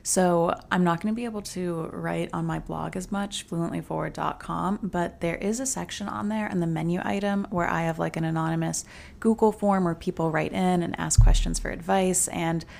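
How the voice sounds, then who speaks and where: This podcast host records solo advice in her home closet, chatting casually with lots of filler "like"s and describing herself as fiery and hot-headed. She speaks at a moderate pace in a fairly low, creaky, darkish voice with fairly even intonation.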